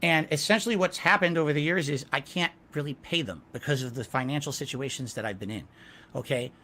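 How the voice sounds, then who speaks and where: High-voiced hesitant man on a call. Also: brisk, pushed and bright. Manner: hesitant, evasive, many restarts. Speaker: interview guest, streamer. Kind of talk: defensive interview answers. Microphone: video call.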